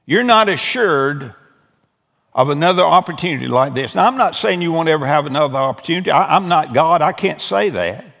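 A man's voice: fairly high pitch, lively intonation, brisk, creaky, fairly bright tone. A man preaching an earnest altar-call sermon as pastor, pleading and repeating words as he restarts phrases. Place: church sanctuary. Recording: long hall reverb from church room.

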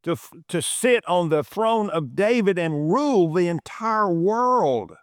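A man's voice: sits high, animated, measured pace, dry recording, studio quality. A man preaching a sermon, emphatic and repeating phrases for stress. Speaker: pastor.

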